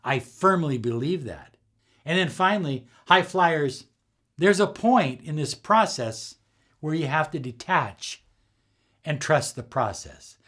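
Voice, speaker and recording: Animated, high-pitched male life coach. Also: slow. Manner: animated, emphatic, acts out quoted clients. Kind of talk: motivational talk to viewers.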